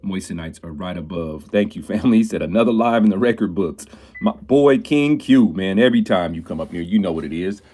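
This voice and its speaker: Deep husky guy talking jewelry on a phone live, chatty and upbeat, shouting out viewers. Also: expressive, brisk. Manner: talkative and upbeat, greets viewers often. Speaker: jeweler hosting a live stream. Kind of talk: casual live-stream chat.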